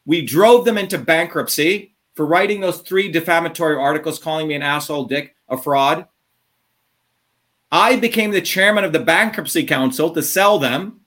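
Combative, ranting man, slightly high voice. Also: a bit bright. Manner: combative, ranting, profane, swings from fast to drawn-out. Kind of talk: impassioned interview talk.

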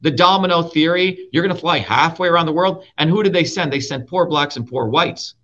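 A man from India delivers a heated political rant with a bright, forceful edge, swearing freely and hammering his points with repetition. His voice sits a little high for a man, and the audio sounds somewhat dull and lo-fi. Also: fairly quick. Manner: profane, emphatic, repeats key words. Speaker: show host and guest speaker.

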